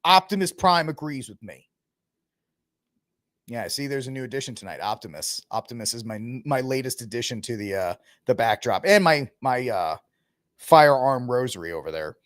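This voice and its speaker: A man's voice: mid-range voice, expressive, normal speed, a bit bright, dry recording, clean studio sound. A man hosting a podcast, ranting with sarcasm and mocking impressions in a heated political commentary. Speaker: podcast host.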